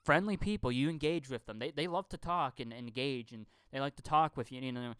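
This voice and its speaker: A man's voice: medium pitch, fairly quick, fairly bright tone, clean tone, dry recording. A man rambling through a profane live-stream rant, stammering and repeating his words. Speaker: channel host.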